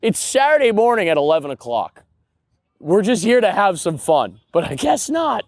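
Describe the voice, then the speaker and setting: A man's voice: high voice, sing-song, normal speed, no room sound. A young man on a podcast microphone, talking through stories in a loose, rambling monologue. His voice rises and falls with a lot of animation. The sound is dry and close, with no room around it. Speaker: podcast host. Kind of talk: casual comedic monologue.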